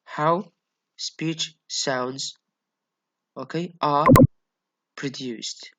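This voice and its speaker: Slow, hesitant male phonetics lecturer. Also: fairly high pitch, steady tone, pushed and bright, slight background noise. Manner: slow, hesitant, many fillers and repeated okays. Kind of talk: classroom lecture.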